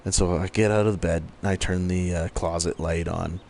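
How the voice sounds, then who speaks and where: A man's voice: deep voice, fairly even intonation, a little fast, gravelly, darkish tone, a little hiss or hum. A man chatting casually while gaming, rambling through a story with lots of fillers. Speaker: co-host.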